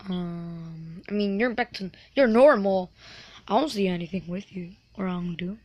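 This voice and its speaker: A woman voicing a sulky male cartoon bomb bird in a fan toy role-play, talking in a grumbling, halting way with fillers. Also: lowish voice, no room sound, highs cut off, close to an everyday voice. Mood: puzzled. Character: low-voiced male cartoon bomb bird, sulky, fussy about his name.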